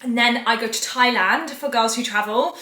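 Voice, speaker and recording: A woman's voice: a little high, moderate pace, bright, forceful tone. Chatty woman vlogging at home. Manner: chatty, upbeat, rambling. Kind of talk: casual chat to camera. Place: home kitchen in a flat. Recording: echoey room. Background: dishes and cutlery clatter.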